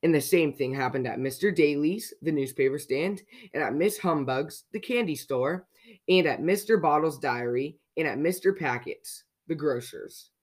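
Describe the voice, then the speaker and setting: A storyteller reads a children's picture book aloud in a medium-pitched voice at normal speed. Along the way, they playfully ask the young listeners questions.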